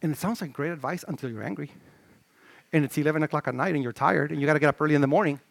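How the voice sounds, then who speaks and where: A middle-aged male pastor preaching a sermon in an animated, conversational way, with stammered restarts and swings from shouts to low murmurs. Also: very fast, creaky, dry recording.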